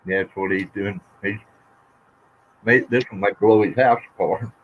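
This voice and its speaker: Man, folksy casual chat, husky voice, slightly muffled lo-fi audio. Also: lowish voice, fairly even intonation, moderate pace. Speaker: coin collector on a livestream auction. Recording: slightly dull lo-fi stream audio.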